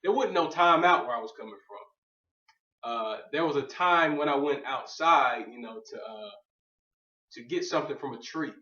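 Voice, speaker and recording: A man's voice: a little high, expressive, normal speed, bright, forceful tone. A man giving a casual faith talk to a group. He jokes, goes off on tangents and keeps asking "you know what I'm saying". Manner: loose, joking, goes on tangents. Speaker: speaker on faith. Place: room with an audience. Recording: echoey room, distant, dull.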